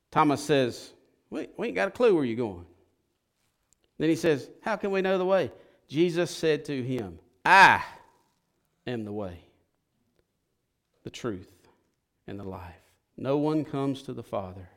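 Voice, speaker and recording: Man, pastor, sermon, folksy, impassioned, hushed to loud, slightly high pitch.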